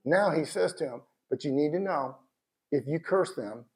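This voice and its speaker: A man preaching a sermon in a conversational, animated way, with bursts of shouted emphasis. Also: on the high side, moderate pace. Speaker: pastor.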